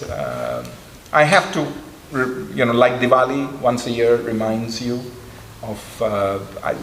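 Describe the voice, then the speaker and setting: Animated male professor telling a story. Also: medium pitch, gravelly. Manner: animated storyteller, many "you know"s. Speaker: professor of communication giving a talk. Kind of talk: storytelling talk. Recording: echoey hall with faint noise.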